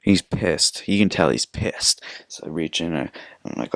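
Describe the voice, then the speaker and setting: A man's voice: a bass voice, lively intonation, measured pace, creaky, dry recording, studio quality. A young man from Canada hosting a casual solo podcast, telling stories in a rambling, profane, chatty way. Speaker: podcast host.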